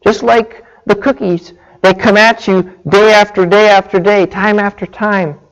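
A man's voice: high voice, steady tone, a little slow, dull audio. A man preaching a sermon, earnest and illustrative, with small restarts. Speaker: pastor.

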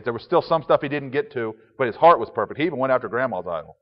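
A man's voice: medium pitch, expressive, fast talker, dull audio. Man preaching in a reverberant hall. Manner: conversational, chuckling asides. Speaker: pastor. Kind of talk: sermon.

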